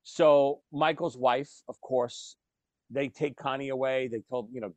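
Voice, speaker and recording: A man co-hosting a podcast, talking about movies in a casual, animated storytelling way. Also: mid-range voice, moderate pace, dry recording. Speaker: podcast co-host.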